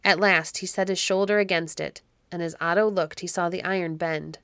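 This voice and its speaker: A woman with a lowish voice reads an old storybook aloud in a measured, even way. The sound is close and dry, with no room echo. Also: smooth. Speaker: narrator and podcast host. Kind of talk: storybook narration.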